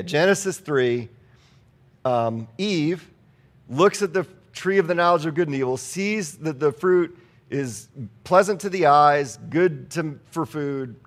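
A man preaching a sermon in a conversational way, reading scripture aloud and asking the congregation rhetorical questions. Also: mid-range voice. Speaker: pastor.

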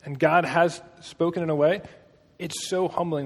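A man's voice: a little high, fairly even intonation, moderate pace, long reverb tail. A man preaching a casual, storytelling sermon with a conversational manner and joking asides.

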